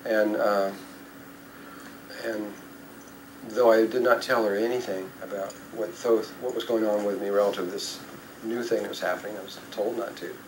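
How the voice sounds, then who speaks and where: A man's voice: lowish voice, steady tone, normal speed, slight background noise, rough recording. An older man, a spiritual speaker, tells a rambling anecdote to a live audience, with fillers and self-corrections along the way. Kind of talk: storytelling talk to an audience.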